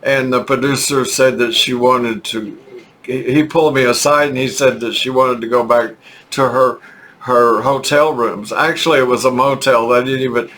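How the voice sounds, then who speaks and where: A man's voice: mid-range voice, fairly even intonation, fairly bright tone, slight background noise. Older Texan man telling a story. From Texas. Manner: rambling, halting, with chuckles. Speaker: vlogger. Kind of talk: casual storytelling.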